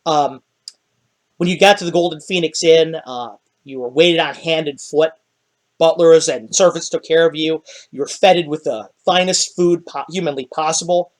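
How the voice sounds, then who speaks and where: Man narrating as dungeon master. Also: fairly high pitch. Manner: rambling, many fillers. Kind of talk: narrating a tabletop game.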